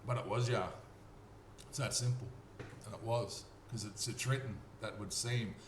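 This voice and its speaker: A man's voice: lowish voice, fairly even intonation, normal speed. A man with an Australian accent giving a rambling, earnest personal testimony and often checking in with his listener. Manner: earnest, repetitive, checks in with "okay?". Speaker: storyteller. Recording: roomy echo, faint noise.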